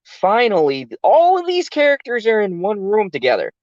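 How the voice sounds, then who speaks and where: An adult reviewer talking through a TV episode in a casual, animated way and swearing freely. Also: medium pitch, normal speed, no echo, highs cut off. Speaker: TV show reviewer.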